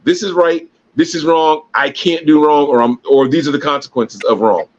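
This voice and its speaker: A man co-hosts a casual podcast, telling rambling stories packed with restarts and fillers. His fairly high voice holds a steady tone at a normal speed. The recording sounds dull and lo-fi.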